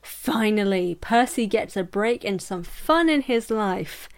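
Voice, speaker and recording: A woman's voice: mid-range voice, expressive, slow. A young woman hosting a casual book review podcast, chatty and jokey, often breaking into laughter. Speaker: podcast host.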